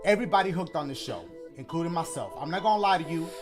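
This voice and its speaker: A streamer giving casual, excitable gaming commentary and breaking into shouted reactions. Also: mid-range voice, very fast. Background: game music.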